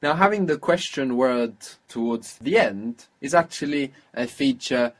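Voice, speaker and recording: A man's voice: mid-range voice, lively intonation, unhurried. A man teaching a language lesson, patiently prompting his student with questions and repeating the answers.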